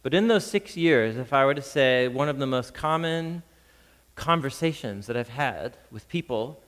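A man preaching a sermon as a pastor, lively and chuckling, acting out the voices in the scripture reading. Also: mid-range voice, moderate pace, big-room sound. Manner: lively, reads scripture with acted voices, laughs often.

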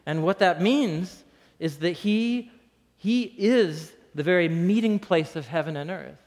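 A man preaching a casual, animated sermon, often breaking into laughter. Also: high-pitched, a little slow. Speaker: pastor. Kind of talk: conversational sermon. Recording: long reverb in a hall.

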